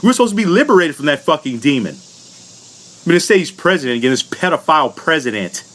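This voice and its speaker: A man's voice: a little high, very animated, fast talker, a bit bright. A man from the United States delivering a furious, profane political rant into the camera as a vlogger, blunt and unfiltered. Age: adult.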